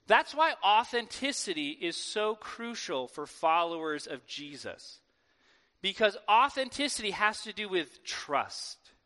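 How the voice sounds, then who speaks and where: A man preaching a sermon to his church in a lively, conversational way, acting out quoted voices. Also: sits high, a little slow. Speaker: pastor. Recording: long hall reverb.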